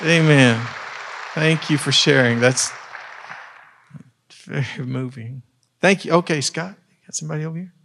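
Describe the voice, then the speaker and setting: A man's voice: fairly high pitch, normal speed, vocal fry, pauses often, some chatter behind. A man leading a church service as pastor, joking and chatting with members of the congregation. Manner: warm joking banter with congregation. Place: church sanctuary. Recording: reverberant church sanctuary.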